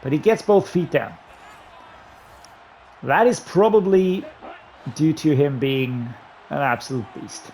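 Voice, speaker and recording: A man giving running commentary while playing a football video game, excitedly talking through his play calls to himself. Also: a little high, slow pace, long pauses, slight background noise. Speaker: gaming YouTuber. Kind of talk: live gameplay commentary.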